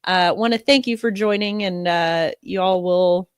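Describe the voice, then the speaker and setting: A woman's voice: fairly low pitch, unhurried, clear, resonant tone, dry recording, clean studio sound. A young woman hosting a casual sports podcast, sounding nasal from a cold and talking in a chatty way, with many fillers and restarts. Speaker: podcast host.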